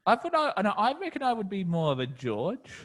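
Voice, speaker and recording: A man with an Australian accent, co-hosting a podcast in easygoing, halting casual chat. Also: high voice, huge pitch swings. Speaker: podcast co-host.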